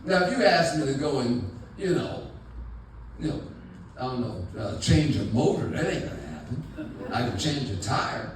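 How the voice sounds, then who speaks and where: Brief: male comic, lively and fairly high, rambling chatty set, echoey club heard from afar, crowd noise. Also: normal speed, far from the mic. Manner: rambling, chatty, many fillers. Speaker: stand-up comedian. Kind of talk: stand-up comedy set. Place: comedy club stage with audience. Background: audience laughter.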